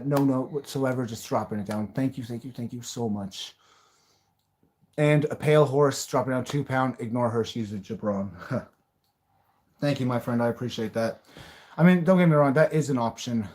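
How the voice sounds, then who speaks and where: A man's voice: mid-range voice, normal speed. A man hosting a live stream, talking bluntly, ranting at times and swearing freely. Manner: blunt, rants and raves, swears. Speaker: livestream host. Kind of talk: live-stream reaction chat.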